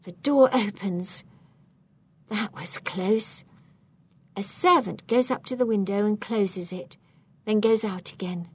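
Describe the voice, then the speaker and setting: A woman narrating a first-person mystery story aloud, with an expressive, suspenseful reading. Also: mid-range voice, slow, pauses often, husky.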